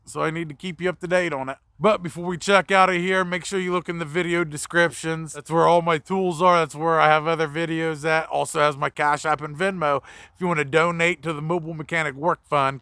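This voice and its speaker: A man's voice: on the high side, sharp tone, smooth, no echo, studio quality. A young man, a mobile mechanic, telling a blunt, profane story in a casual vlog.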